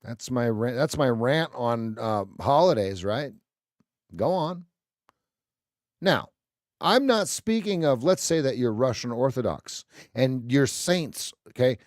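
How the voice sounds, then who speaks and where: A man's voice: mid-range voice, lively intonation, takes it slowly, no echo, clean studio sound. A man hosting a live trading stream, ranting bluntly and sarcastically in casual chat.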